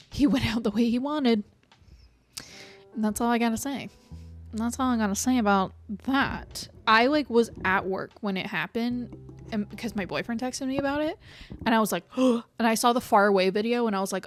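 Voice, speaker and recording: A young adult woman streams a game while chatting casually and rambling, swearing freely and laughing often. Her voice is on the high side with a moderate pace, and faint music plays in the background.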